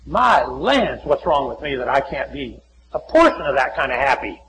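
A man preaching a folksy sermon in a church, often acting out little conversations and dropping to a hushed voice. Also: mid-range voice, big pitch swings, moderate pace, slight background noise, poor audio. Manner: folksy, acts out little dialogues, many drops to a hushed voice. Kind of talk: sermon with altar call.

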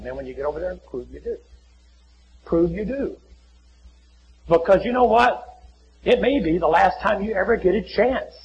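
A man preaching a folksy sermon in a church, often acting out little conversations and dropping to a hushed voice. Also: high voice, slight background noise, low-quality recording. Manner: folksy, acts out little dialogues, many drops to a hushed voice. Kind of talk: sermon with altar call.

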